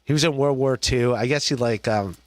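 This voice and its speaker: Male podcast host, casual rambling chat, lots of restarts and chuckles, mid pitch, dry close sound. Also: fairly quick, no echo. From Ohio. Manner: rambling, laughs often, many restarts and fillers.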